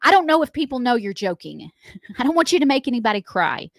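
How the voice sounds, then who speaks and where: A woman on a morning radio show, chatting and telling stories in an animated, sing-song way. Her voice sits a bit high and moves all over the place. The studio sound is dry and close, with no room around her. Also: fast talker, vocal fry, no room sound. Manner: lively, laughing storyteller. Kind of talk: casual on-air banter and storytelling.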